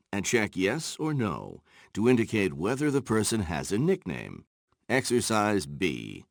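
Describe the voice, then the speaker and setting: Slow, gravelly male textbook narrator. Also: lowish voice, no room sound, studio quality. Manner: measured, announcing page and exercise numbers. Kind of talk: scripted instructional narration.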